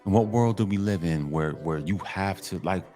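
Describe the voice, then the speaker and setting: A man's voice: low-pitched, normal speed, warm tone, faint music behind. A man delivering a casual monologue to other men, emphatic and repetitive, in a preachy tone. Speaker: commentary channel host.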